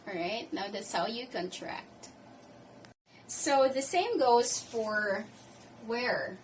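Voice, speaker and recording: A woman teaching an English grammar lesson, explaining slowly and patiently and often checking in with "okay". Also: on the high side, animated. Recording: distant mic with faint background noise.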